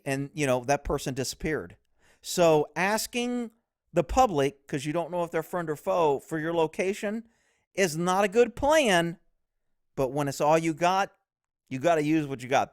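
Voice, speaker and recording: Man, higher-pitched voice, casual video commentary, blunt and profane, dry close mic. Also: clean tone, no echo. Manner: blunt, profane, laughs easily.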